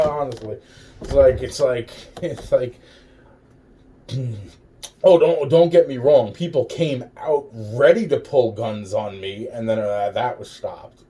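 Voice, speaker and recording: A man's voice: mid-range voice, mellow. A man in a rambling, profane monologue, swearing constantly and chuckling between phrases. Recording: distant mic with faint background noise.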